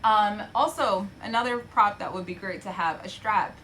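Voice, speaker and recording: Young female yoga teacher, chatty encouraging cues, mid-pitched, faint room hiss. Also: moderate pace, a bit bright, poor audio. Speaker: yoga instructor. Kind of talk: guided yoga class cues. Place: home practice space.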